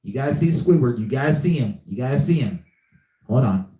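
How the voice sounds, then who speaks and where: A man's voice: medium pitch, expressive, moderate pace, warm tone, echoey room. A young man hosting a live podcast, chatting casually and often repeating himself. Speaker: podcast host. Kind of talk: casual live-stream chat.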